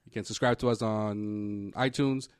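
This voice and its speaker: A man's voice: lowish voice, steady tone, unhurried, smooth. A man co-hosting a sports podcast in casual chat, laid back and running the sign-off. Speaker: podcast co-host.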